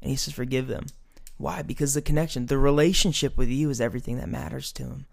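A man's voice: mid-range voice, fairly even intonation, fast talker, creaky. A man speaking as a podcast guest. His casual, earnest chat builds into a fired-up preaching voice.

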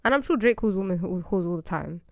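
A woman's voice: lowish voice, lively intonation, fast talker, a little mellow, no echo, studio quality. A young woman, reacting and chiming in during a casual chat. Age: young adult. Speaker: podcast co-host.

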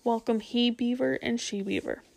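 A woman voicing a majestic, solemn male lion king in a storybook reading, speaking in a slow, grave, measured way. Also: on the high side, steady tone, gravelly, a little mellow.

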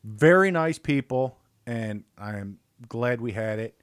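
A man's voice: mid-range voice, unhurried, clean tone, no room sound, clean studio sound. A man with a Chicago accent co-hosting a podcast, chatting casually and animatedly while tasting beers and plugging local restaurants. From Northwest Indiana. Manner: animated, rambling restaurant plugs. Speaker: podcast co-host. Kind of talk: casual beer-tasting chat.

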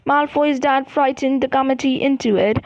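A woman's voice: sits high, steady tone, normal speed, no echo. A woman voicing an upset, earnest teenage schoolgirl witch in a storybook reading, over a dull lo-fi recording.

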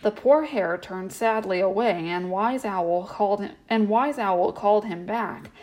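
A woman reading a children's bedtime story aloud in a gentle, steady way. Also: mid-range voice, measured pace, few pauses, low-quality recording.

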